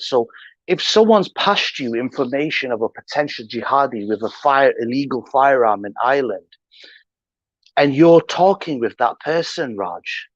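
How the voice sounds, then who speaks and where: A man's voice: medium pitch, no room sound. A man hosting a livestream, ranting in heated casual talk, slangy, combative and full of swearing. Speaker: livestream host. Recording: dull lo-fi stream audio.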